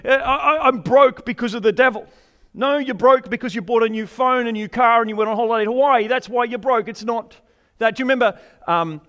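Lively, high-voiced male preacher. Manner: humorous, conversational, asks the audience questions. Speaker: pastor. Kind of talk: sermon.

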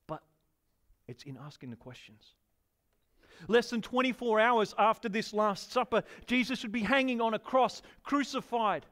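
Lively high-voiced male preacher. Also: moderate pace. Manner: enthusiastic, conversational, asks the audience questions. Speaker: pastor. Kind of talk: sermon.

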